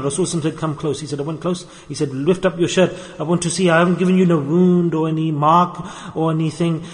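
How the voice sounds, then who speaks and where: A man from the UK preaching a sermon as a sheikh, telling a story with feeling, rising loud in moments of distress and dropping soft in tender ones. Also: fairly high pitch, fairly even intonation, quick pace. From United Kingdom. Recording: long hall reverb.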